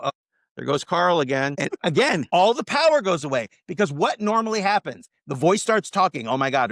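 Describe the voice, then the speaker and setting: A man's voice: a little high, no echo, studio quality. Emphatic man talking mindset. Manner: emphatic, animated motivational talk. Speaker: guest teaching mindset. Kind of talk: casual podcast interview.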